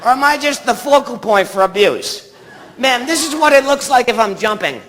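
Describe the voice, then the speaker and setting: A man works a live theatre crowd with a stand-up set, his voice pitched high and ringing bright. He rambles from bit to bit and keeps stopping to banter with the audience. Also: animated, moderate pace, a little hiss or hum. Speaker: stand-up comic.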